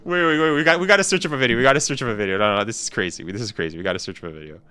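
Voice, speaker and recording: A young Canadian man with a Canadian accent, rambling and excitable in casual live-stream chat with slang. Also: mid-range voice, racing, clear, resonant tone. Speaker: gaming streamer.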